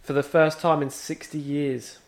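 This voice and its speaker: A young man on a podcast, casually sharing a news story with his friends. He hesitates and fills gaps with "uh" and "um". His voice sits a little high. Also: little pitch movement, moderate pace. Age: young adult. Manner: hesitant, reads news items aloud with fillers. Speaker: podcast co-host. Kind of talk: casual chat.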